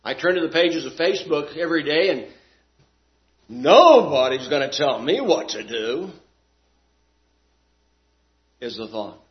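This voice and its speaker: Male preacher, somewhat high voice, emphatic and rhetorical, dull lo-fi recording. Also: expressive, moderate pace. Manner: emphatic, rhetorical questions, swings loud and soft. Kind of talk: sermon. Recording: dull lo-fi sound.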